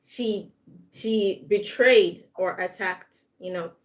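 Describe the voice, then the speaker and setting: A woman's voice: mid-range voice, slow pace. A woman giving a live online English lesson, patiently modeling word stress and switching into French to explain. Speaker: English tutor.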